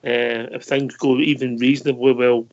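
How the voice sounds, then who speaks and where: A man's voice: mid-range voice, little pitch movement, normal speed. A man hosting a casual fan radio show in an easygoing, drawling way. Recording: dull lo-fi sound.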